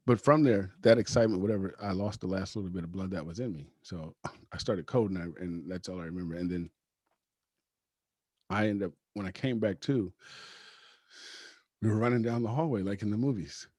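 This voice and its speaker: Husky low-voiced man telling a story. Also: normal speed, pauses often, dark tone, dry recording. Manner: laughs often while telling; acts out quoted dialogue. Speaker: podcast guest. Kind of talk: casual storytelling.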